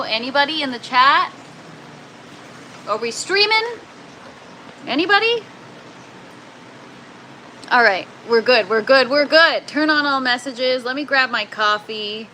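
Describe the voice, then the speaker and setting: Streaming from inside an indoor grow tent, a young woman from Canada keeps things casual, chatting, laughing a lot, and welcoming viewers by name. Her fairly high voice sounds pushed and bright. The recording is rough, with slight background noise.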